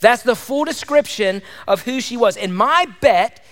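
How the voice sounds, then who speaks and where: A man's voice: very high-pitched, expressive, unhurried, a bit bright. A male pastor preaching a fervent sermon, firing off repeated rhetorical questions to his congregation. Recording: long hall reverb.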